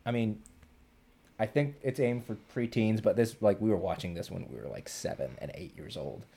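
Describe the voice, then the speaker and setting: Low-voiced young man in casual chat. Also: normal speed, vocal fry, dark tone, slightly rough. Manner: rambling, many ums and restarts, joking. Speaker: podcast host.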